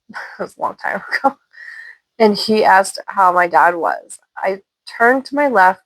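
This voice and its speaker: A woman from Washington State speaks in a medium-pitched, fairly bright voice with no echo. Hosting her channel, she casually tells paranormal stories, wandering into loose, chatty asides.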